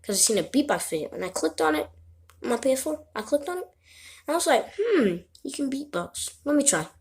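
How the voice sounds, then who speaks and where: A woman's voice: high-pitched, sing-song, a little fast, breathy edge. A woman talking to camera in a casual, rambling way, breaking off her own story and apologizing as she goes. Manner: rambling, self-interrupting, keeps apologizing. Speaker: vlogger.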